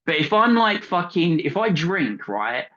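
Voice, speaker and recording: Bright-voiced bawdy bloke. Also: male voice, a little high, sing-song, a little slow, lo-fi sound. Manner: bawdy, rambling, says "right?" and "mate" a lot. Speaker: podcast co-host. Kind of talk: crude casual banter.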